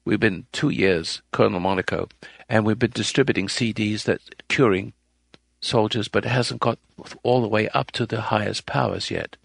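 A man hosting a call-in radio advice show who lectures listeners emphatically, rambling with restarts and swinging between a firm, loud voice and a soft, quiet one. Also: lowish voice, moderate pace, creaky, no room sound.

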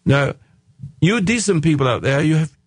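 A man hosting a radio talk show, delivering an emphatic, preachy monologue in a rough voice that he raises as he speaks. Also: on the high side, lively intonation, normal speed, no room sound. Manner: emphatic, raising his voice, preachy.

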